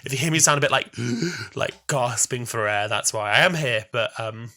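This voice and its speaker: A man's voice: mid-range voice, a little fast. A man in his twenties co-hosting a podcast, chatting casually, stuffed up with a cough and cold. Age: 20s. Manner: chatty, animated storytelling. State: congested with a cold. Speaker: podcast co-host. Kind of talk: casual chat.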